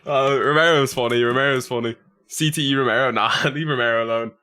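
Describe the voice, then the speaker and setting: A man's voice: medium pitch, fairly even intonation, fast, sharp tone. A young Irish man chatting on his livestream, reading out chat messages and rambling through funny stories. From Ireland. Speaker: streamer.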